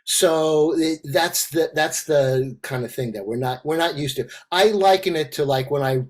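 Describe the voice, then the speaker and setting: An older man facilitating an online empathy circle, talking in a halting way with many fillers and restarts. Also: fairly high pitch. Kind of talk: casual online group discussion. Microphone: video call.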